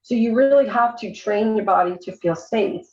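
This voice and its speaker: A woman's voice: a little high, normal speed, darkish tone, roomy sound, dull audio. A woman talking earnestly and candidly as a podcast guest, with lots of "you know" fillers. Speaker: guest, coach for abuse survivors. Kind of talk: casual podcast conversation.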